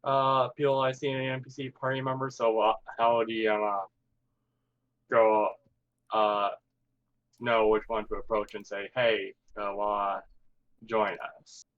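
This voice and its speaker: A man's voice: fairly low pitch, completely flat delivery, measured pace, long pauses, no room sound. A man playing a tabletop game, speaking unsurely with many fillers. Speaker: player. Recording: dull lo-fi mic.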